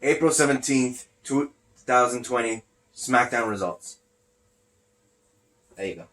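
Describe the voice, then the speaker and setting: An unhurried man with a medium-pitched, slightly bright voice hosts a casual wrestling recap podcast. Through his face mask he comes across a little breathless, rambling and losing his train of thought.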